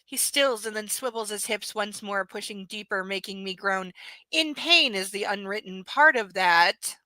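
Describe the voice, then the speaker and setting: A woman's voice: medium pitch, moderate pace, pushed and bright, no echo, rough recording. Sarcastic woman reading a romance aloud. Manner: sarcastic, mocking asides. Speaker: live-stream book reader. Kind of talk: reading a novel aloud with commentary.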